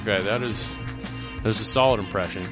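A man's voice: fairly low pitch, over music. A man as a player reporter, joking his way through a casual interview segment. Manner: jokey, quick, upbeat.

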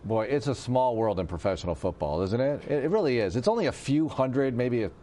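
A man's voice: medium pitch, animated, fairly quick, warm tone. A male radio host in casual sports talk, conversational with restarts as he thinks aloud.

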